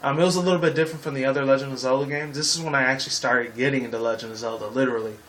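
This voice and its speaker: A man's voice: mid-range voice, steady tone, rapid-fire, fairly bright tone, slight background noise, low-quality recording. A man in his twenties hosting a casual game-review video, rambling and heated, with frequent swearing. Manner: casual sign-off slang. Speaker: gaming video host.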